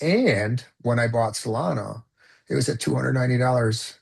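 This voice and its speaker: A man's voice: mid-range voice, moderate pace, gravelly, breathy edge. A man telling a personal story as a guest in a casual conversation, rambling with lots of fillers and restarts. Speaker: podcast guest.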